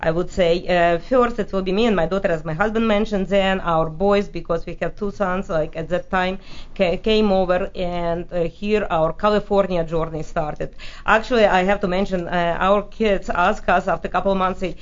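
A woman from Russia with a heavy Russian accent, a guest chatting with giggles and halting fillers. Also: fairly low pitch, steady tone. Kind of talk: casual chat. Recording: slightly dull lo-fi sound.

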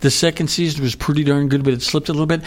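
A man's voice: a little high, fairly even intonation, very fast. A man co-hosting a casual talk show, teasing his partner and jumping into the conversation. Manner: teasing, jumps in often. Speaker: co-host. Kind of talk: casual chat.

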